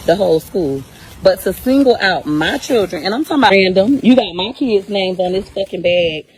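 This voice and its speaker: A woman's voice: mid-range voice, darkish tone, low-quality recording. Angry mother, woman, emphatic and swearing, with faint background noise. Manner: furious, profane, emphatic. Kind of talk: angry vlog rant.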